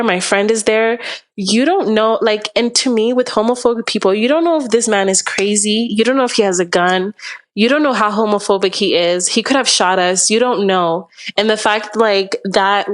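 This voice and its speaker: A young Canadian woman, a guest on a podcast, tells a long story with her mid-range voice at a moderate pace. She rambles casually, says "like" constantly, and acts out the quotes.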